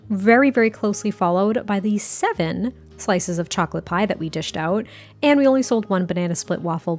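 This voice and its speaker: A woman giving casual gameplay commentary as a YouTuber, chatty, giddy and quick to laugh. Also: mid-range voice, a little mellow.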